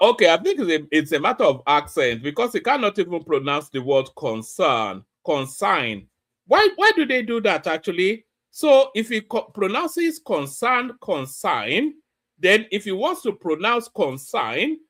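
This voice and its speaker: A middle-aged man with a high, somewhat bright voice hosts a reaction commentary. He sounds incredulous and keeps stumbling over repeated words.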